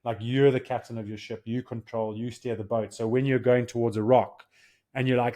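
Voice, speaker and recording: A man's voice: medium pitch, level tone, fairly quick, dark tone. Earnest man coaching on a podcast. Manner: earnest, coaching, acts out quoted dialogue. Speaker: podcast co-host. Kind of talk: casual podcast chat.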